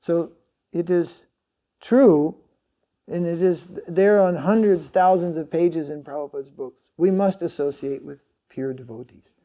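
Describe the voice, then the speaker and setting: A man giving a sermon as a swami, telling a story in a halting way with many fillers and restarts. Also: on the high side, warm tone.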